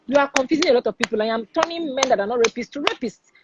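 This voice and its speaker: A woman's voice: high-pitched, rapid-fire, very noisy. A woman with a Nigerian accent hosting a podcast, speaking forthrightly and with emphasis. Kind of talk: candid podcast discussion.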